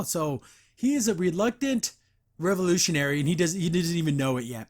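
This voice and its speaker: A man's voice: on the high side, animated, fairly quick. A man hosting a podcast, casually recapping an episode and acting out the characters' lines. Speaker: podcast host.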